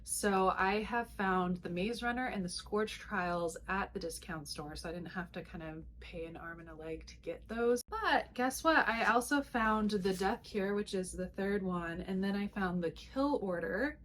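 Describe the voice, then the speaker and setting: A woman's voice: mid-range voice, a little slow, hardly any pauses, a little hiss or hum. A young woman chatting casually as she shows books to the camera, with lots of fillers and asides. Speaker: booktuber. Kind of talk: casual vlog chat.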